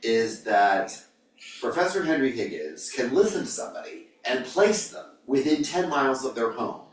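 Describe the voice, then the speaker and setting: A man's voice: medium pitch, moderate pace. Man leading a Bible class, echoey room. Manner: animated, asks the group questions. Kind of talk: group Bible discussion. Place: church classroom. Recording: echoey room, mic far off.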